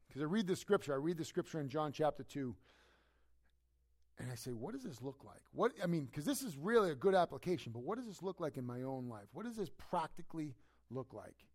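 Preaching pastor, soft to soaring. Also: male voice. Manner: swings from soft, intimate prayerful tones to loud, high preaching climaxes; conversational preaching with many fillers like "you know" and "kind of". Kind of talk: sermon.

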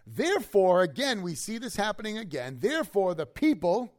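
A pastor preaching an expository sermon to his congregation in church, talking conversationally and swinging between loud, emphatic lines and hushed asides. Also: sits high, big pitch swings, moderate pace. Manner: conversational, keeps checking in with the listeners.

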